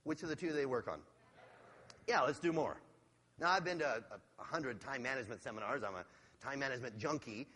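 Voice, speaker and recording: A sales trainer giving a motivational seminar talk to a live audience, energetic and asking the audience questions. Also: male voice, medium pitch, fairly quick. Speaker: sales trainer and keynote speaker. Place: large hall with a live audience. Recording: long hall reverb.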